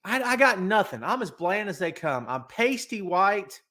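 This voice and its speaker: A man's voice: high voice, sing-song, moderate pace, pushed and bright. Man, middle-aged, podcast host, stuffy head cold, rambling joking chat, wrestling news.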